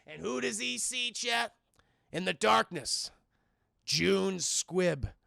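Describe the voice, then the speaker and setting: A man reviewing a film on a livestream, excitedly recapping the plot and constantly addressing his chat, swearing along the way. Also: high-pitched, takes it slowly, vocal fry, no echo, clean studio sound.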